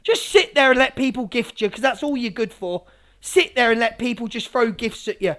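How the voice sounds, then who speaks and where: High-voiced woman ranting on a stream. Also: moderate pace, fairly bright tone. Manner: sweary, sarcastic, combative. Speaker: live streamer. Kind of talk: livestream rant.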